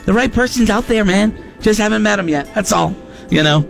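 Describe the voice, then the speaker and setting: A man hosting a call-in radio show, chatting and joking with callers and laughing loudly. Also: sits high, fairly quick, vocal fry, faint music behind.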